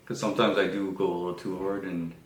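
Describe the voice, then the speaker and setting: A man in his thirties co-hosting a casual podcast, relaxed and agreeable with lots of fillers. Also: sits low, fast talker. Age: 30s. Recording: roomy echo with faint background noise.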